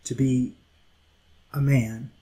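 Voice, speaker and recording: A middle-aged man preaching a Bible lesson with earnest, pleading urgency that drops to quiet intensity. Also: mid-range voice, level tone, slow, husky, rough recording. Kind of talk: sermon.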